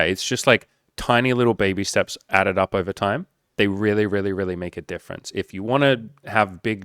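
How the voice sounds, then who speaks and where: A man's voice: fairly low pitch, fairly bright tone, dry recording, studio quality. Casual swearing male dating coach. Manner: casual, profane, lots of likes and filler; acts out quoted dialogue with voice shifts. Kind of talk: casual video talk.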